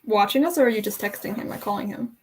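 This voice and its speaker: A young woman hosting a casual livestream book chat over a video call, teasing and giggling through quick banter. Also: medium pitch, a little hiss or hum. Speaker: booktube host.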